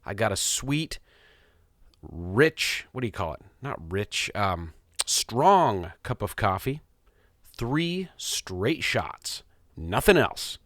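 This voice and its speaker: A man's voice: lowish voice, very animated, slow, a bit bright, dry recording, studio quality. A middle-aged man hosting his podcast, telling a story in a rambling, self-amused casual monologue. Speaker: podcast host. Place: small home studio.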